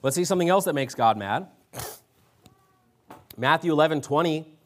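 A man's voice: fairly high pitch, lively intonation, normal speed, fairly bright tone, a little hiss or hum. A man preaching a sermon, exhorting his listeners and reading scripture aloud with emphasis. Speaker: pastor.

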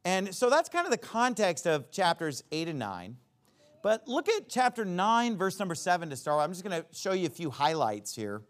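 Man, preacher, sermon, high voice, plain everyday talk, climbs for emphasis. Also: huge pitch swings, moderate pace. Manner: rises high and loud for emphasis, drops low when explaining.

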